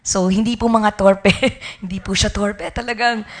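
A woman's voice: medium pitch, fairly even intonation, normal speed. A woman in her forties with a Filipino accent gives a personal faith testimony. She is chatty and polite, laughs often, and switches between English and Tagalog. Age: 40s. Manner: polite, peppers speech with respectful particles. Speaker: church member giving testimony.

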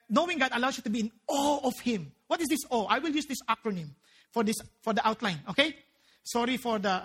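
A woman preaching a sermon in an animated, joking way, dropping in local phrases. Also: on the high side, breathy edge.

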